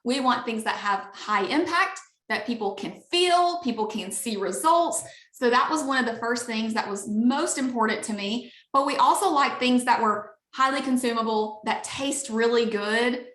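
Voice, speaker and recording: Bright, forceful, and pitched a bit high, this chatty woman's Southern Alabama twang carries through a gushing sales pitch over video call at a moderate pace. She leads in network marketing, and her upbeat voice echoes around a large room.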